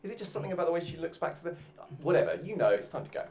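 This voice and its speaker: A man narrating a tabletop game as game master in a relaxed, rambling way. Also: on the high side, very fast. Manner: relaxed, rambling with many fillers. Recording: muffled, with faint music.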